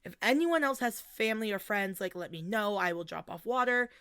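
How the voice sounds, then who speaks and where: Bright, crisp young woman. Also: medium pitch, dry recording, clean studio sound. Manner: animated storytelling, swears freely, quick laughs. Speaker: podcast co-host. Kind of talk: casual chat.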